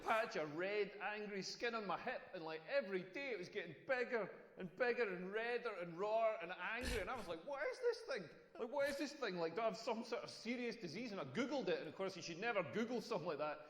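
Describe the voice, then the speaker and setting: A man's voice: high voice, fairly bright tone. A young Scottish man doing a stand-up comedy set on a club stage, telling self-mocking stories in a chatty way. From Scotland. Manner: conversational, self-mocking storytelling. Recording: roomy club with long reverb.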